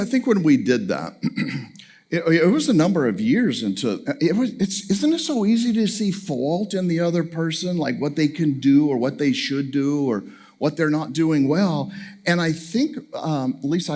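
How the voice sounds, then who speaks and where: Animated man telling a funny story. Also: a little high, normal speed, husky. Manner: animated, laughing storyteller acting out dialogue. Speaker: family camp speaker. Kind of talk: storytelling talk to an audience.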